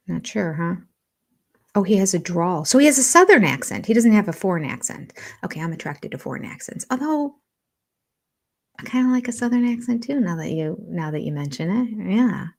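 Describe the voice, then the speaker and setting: An older woman hosting a casual live stream from home. She chats and thinks aloud as she reads viewer comments, and often drops into soft half-whispered asides. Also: medium pitch. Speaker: reality TV livestream host.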